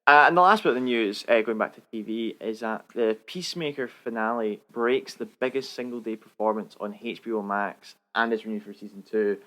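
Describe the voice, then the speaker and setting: A man's voice: fairly low pitch, brisk, few pauses, bright, forceful tone. A man co-hosting a casual film podcast, reading out the week's news in a rambling, hesitant way with many fillers. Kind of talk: casual chat.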